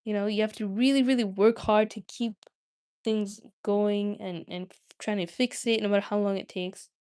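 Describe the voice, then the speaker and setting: A woman's voice: medium pitch, fairly even intonation, moderate pace, a little mellow, clear, resonant tone. A young woman hosting a livestream, chatting casually with viewers in a rambling, self-interrupting way. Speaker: livestream host.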